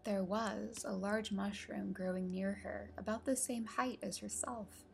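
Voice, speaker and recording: A woman narrating a storybook in a calm, measured way, over soft music. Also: mid-range voice, creaky. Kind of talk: storybook reading.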